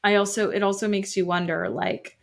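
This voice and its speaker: A young woman with a gravelly, creaky edge to her voice co-hosts a podcast. She tells the story casually, full of "like" and "um", and breaks in with wry, joking asides. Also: mid-range voice, fairly even intonation, brisk. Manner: conversational, many fillers, wry asides. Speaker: podcast co-host.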